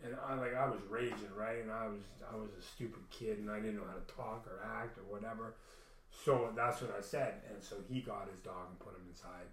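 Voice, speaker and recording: A man's voice: fairly low pitch, fairly even intonation, fairly quick, fairly bright tone, a little hiss or hum. A young man casually telling a long personal story, rambling with many restarts and frequent swearing. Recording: roomy echo.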